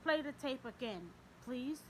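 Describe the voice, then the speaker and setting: A woman's voice: sits high, expressive, unhurried, a little mellow, slight background noise, rough recording. A woman reading the part of a stern, elderly male Russian priest who speaks tersely and formally in an audiobook. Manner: terse, formal, ignores questions.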